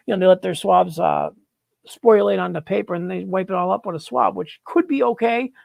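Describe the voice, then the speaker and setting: A man's voice: high voice, creaky, dry recording. A man hosting a live mushroom-growing stream, talking casually while demonstrating and answering questions, blunt and exasperated, swearing freely.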